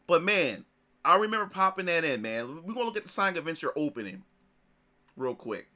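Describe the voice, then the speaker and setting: Slightly high and slightly quick, a man in his thirties who streams games looks back on old memories while commentating casually. He gets excited, repeats himself, curses and keeps starting his sentences over.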